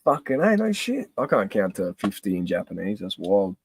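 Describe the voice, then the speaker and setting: A man's voice: on the low side, wildly swooping pitch, normal speed, breathy edge. A young Australian man chatting on a live stream, laid-back and sweary, laughing a lot. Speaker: livestream host. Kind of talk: casual live-stream chat.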